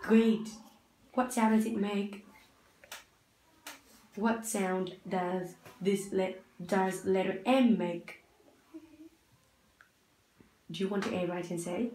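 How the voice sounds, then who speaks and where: A young woman leads a children's English lesson at an unhurried pace. She is patient and encouraging throughout. Her voice comes over a video call from a roomy, echoing space with a faint hiss behind it. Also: medium pitch, fairly even intonation, a little mellow. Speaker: English teacher. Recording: echoey room, faint noise.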